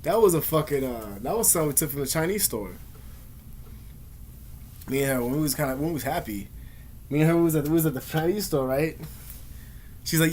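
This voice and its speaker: A man vlogging in a rapid, rambling rant. He swears constantly and speaks in casual slang at a middling pitch.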